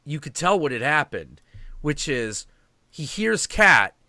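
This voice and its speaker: A man hosting a stream, telling a story in a casual, animated, profane and rambling way. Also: fairly high pitch, slow, dry recording, studio quality.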